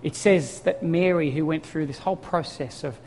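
A middle-aged Australian man preaching a sermon as a story, swinging from lively to hushed. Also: on the high side, moderate pace, a little hiss or hum. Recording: long reverb of a large hall.

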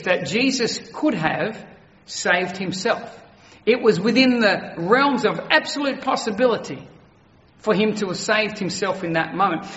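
Brief: man, high-pitched pastor, earnest emphatic sermon, roomy dull hall sound. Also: fairly bright tone. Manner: earnest, emphatic preaching with slowed stresses.

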